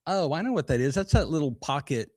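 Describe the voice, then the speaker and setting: A man's voice: on the high side, lively intonation, fast talker, darkish tone, no room sound. A man with a Texan accent co-hosting a casual podcast, teasing in a dry, easygoing way. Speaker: podcast co-host. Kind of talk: casual live podcast chat.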